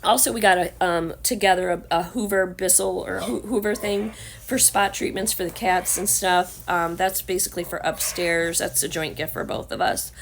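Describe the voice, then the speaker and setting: A woman's voice: fairly low pitch, fairly even intonation, moderate pace, gravelly. Chatty Southern woman with a scratchy voice. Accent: Southern American. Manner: chatty, rambling with many fillers. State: hoarse. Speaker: vlogger. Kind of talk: casual chat to camera. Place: home, indoors.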